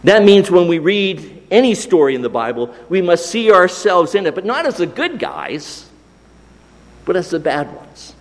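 A man preaching a sermon, slow and deliberate, dropping to a hush on key phrases. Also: high-pitched, big pitch swings. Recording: long hall reverb.

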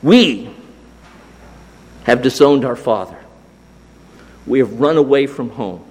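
A man preaching a sermon, slow and deliberate, dropping to a hush on key phrases. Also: medium pitch, expressive. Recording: long hall reverb.

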